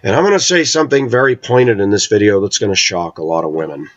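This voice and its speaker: A middle-aged man speaks in a lowish voice, pressing every point with intense, emphatic force. The recording is dull and lo-fi, close and dry with no room echo. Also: fast talker. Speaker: vlogger. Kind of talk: opinionated monologue.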